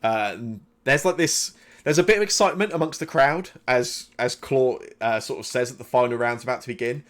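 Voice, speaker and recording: A man's voice: medium pitch, brisk, a bit bright. A man running a live tabletop game as game master, narrating in a loose, conversational way with plenty of ums and likes.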